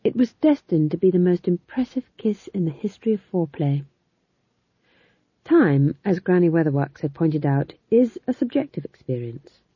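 A woman reads a comic fantasy story aloud in a lively, expressive way. Her voice sits low and a touch husky, dry and close. The sound is thin and phone-like. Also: normal speed, dry recording. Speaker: narrator. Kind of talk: audiobook narration.

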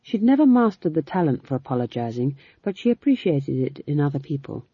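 A woman narrating an audiobook in a measured, expressive way. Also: low voice, breathy edge, dry recording. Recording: dull lo-fi dry recording.

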